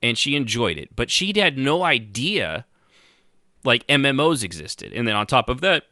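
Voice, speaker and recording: A man's voice: mid-range voice, sing-song, moderate pace, bright, forceful tone, no echo, clean studio sound. A man co-hosting a podcast, chatting casually with sarcastic jokes and rambling restarts. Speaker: podcast co-host.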